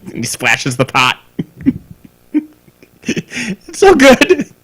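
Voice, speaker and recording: A man co-hosting a casual podcast, animated, swearing freely and laughing often as he talks. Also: high-pitched, drawn-out words, slightly rough. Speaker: podcast co-host. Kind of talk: casual chat. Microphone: studio mic on a live stream.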